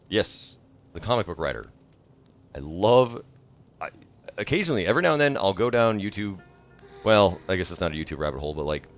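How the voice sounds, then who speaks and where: A man in his thirties chatting casually on a livestream, rambling from thought to thought and bursting into excited shouts. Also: sits low. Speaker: streamer.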